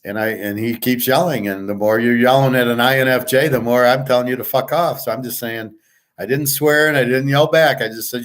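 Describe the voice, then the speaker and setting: A man's voice: medium pitch, steady tone, fairly quick. A middle-aged man telling a long work story in a blunt, rambling way that repeats itself. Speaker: podcast host. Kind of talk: casual storytelling monologue.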